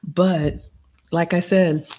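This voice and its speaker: A Southern woman in her forties from the American South hosts a casual livestream Q&A, reading viewer comments aloud and offering polished, motherly advice. Her voice is lowish and dark, with fairly even intonation and a very slow pace.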